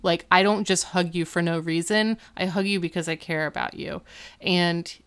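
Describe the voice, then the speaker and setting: A woman recaps a TV episode in relaxed podcast chat. Her voice sits on the low side and sounds smooth and resonant. She retells scenes animatedly, slipping into the characters' lines. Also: moderate pace. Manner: animated retelling with acted-out quotes and laughter. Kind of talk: casual chat.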